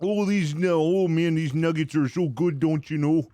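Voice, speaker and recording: Bright, high Wisconsin gal, put on by a man, friendly and folksy, dry close sound. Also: moderate pace, no room sound, natural voice. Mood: cheery. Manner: sing-song, folksy, calls people bud. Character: chirpy Midwestern woman, folksy and cheerful.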